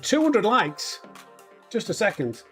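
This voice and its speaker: A man's voice: sits high, wildly swooping pitch, takes it slowly, fairly bright tone, soft background music. A man in his thirties hosting a live gaming stream, cheeky and jokey, laughing often and chatting with viewers. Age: 30s. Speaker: streamer host. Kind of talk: casual live-stream chat while gaming.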